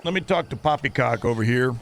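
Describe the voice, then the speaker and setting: A man's voice: mid-range voice, lively intonation, fast, gravelly, a bit bright, faint music behind. A male game streamer making rambling, jokey commentary, sometimes slipping into a mock-cowboy drawl. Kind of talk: casual gameplay commentary. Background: game horse hoofbeats.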